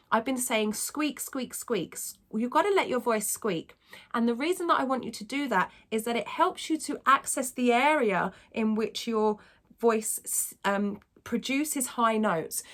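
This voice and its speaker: A woman vocal coach teaching a singing lesson, explaining technique and demonstrating squeaky sung vowels. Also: fairly bright tone.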